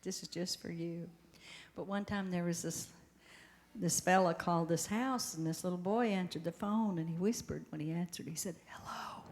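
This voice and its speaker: A woman's voice: lowish voice, fairly even intonation, moderate pace, a little mellow, in a large hall. An older woman hosting a live stage show, telling homespun jokes in a chatty, folksy way on a stage microphone. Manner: chatty and homespun, with small restarts. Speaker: show host.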